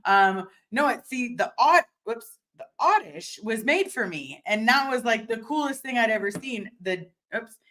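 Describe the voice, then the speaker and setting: A woman's voice: a little high, animated, unhurried, a bit bright. Chatty candid woman streaming from home. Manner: candid and chatty, swearing, many fillers and restarts. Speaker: livestream host answering viewer comments. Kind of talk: casual livestream chat.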